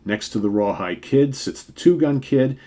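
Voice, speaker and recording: A man's voice: mid-range voice, animated, moderate pace, dark tone, slight background noise, voice pushed up, natural voice. A man reading as a lordly, lecturing time master. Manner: lecturing, corrective.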